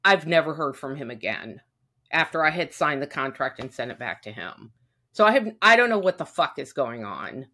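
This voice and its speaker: Low-voiced woman venting in casual chat. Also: big pitch swings, moderate pace, bright, forceful tone. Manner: venting, profane, acts out quotes. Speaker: podcast co-host.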